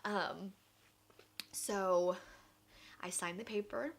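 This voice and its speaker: Young adult woman, candid personal storyteller, animated, acts out the voices she quotes. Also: mid-range voice, brisk. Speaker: vlogger.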